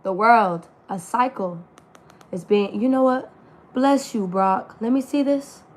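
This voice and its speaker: Woman, tarot reader, slightly high voice, slow unhurried talk, casual and profane, healing voice. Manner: casual, slangy and profane, talks straight to viewers. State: voice still healing. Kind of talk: spiritual reading to an online audience.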